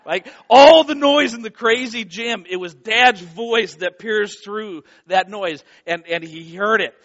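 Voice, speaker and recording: A high-pitched man preaching to his congregation, earnest, growing loud and animated as his story builds. The sound is dull and lo-fi. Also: moderate pace, few pauses. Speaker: pastor. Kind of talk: sermon with prayer and storytelling.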